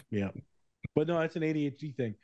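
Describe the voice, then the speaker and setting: A man's voice: on the high side, animated, a little fast, mellow, dry recording. A man hosting a podcast in casual chat, swearing freely and telling stories with a laugh. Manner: profane, laughing storyteller. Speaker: podcast host.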